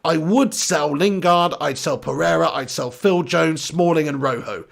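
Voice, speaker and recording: A young English man hosts a live football chat and answers viewer comments. He talks bluntly and casually and swears freely. His voice sits high with a gravelly rasp. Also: normal speed. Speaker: football channel host.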